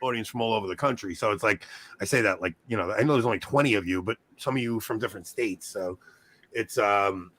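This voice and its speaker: A man's voice: fairly low pitch, quick pace, a bit bright. A man with a Long Island New York accent, hosting a casual trivia show and laughing easily. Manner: laughing easily, loose and chatty. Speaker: quiz host.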